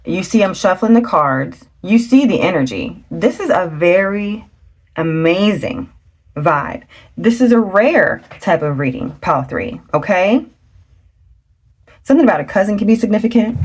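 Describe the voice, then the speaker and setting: A woman giving a chatty tarot reading to her viewers. She talks fast and loose, often getting excited, exclaiming and laughing at the cards. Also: mid-range voice, slightly rough. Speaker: tarot reader. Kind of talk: casual tarot reading to camera.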